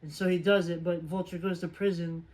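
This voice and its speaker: High-voiced man rambling through a plot recap. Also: flat delivery, fairly quick, a little mellow, rough recording. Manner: rambling, filler-heavy retelling. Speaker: movie reviewer. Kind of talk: casual movie plot recap.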